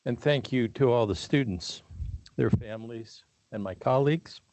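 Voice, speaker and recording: An older man giving a formal commencement address in a measured, deliberate way with dry humor. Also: mid-range voice, a little mellow, a little hiss or hum. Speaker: commencement speaker.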